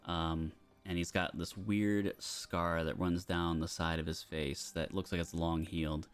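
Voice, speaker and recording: A man's voice: sits low, flat delivery, unhurried, clear, resonant tone. A man narrating as game master of a tabletop game, casual and hesitant, with many fillers, over background music.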